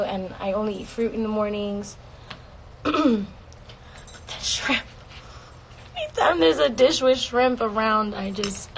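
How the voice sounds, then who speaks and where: A woman's voice: on the high side, a little hiss or hum, low-quality recording. A woman singer casually answering fan questions on a livestream from home, playful and swearing freely. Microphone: phone.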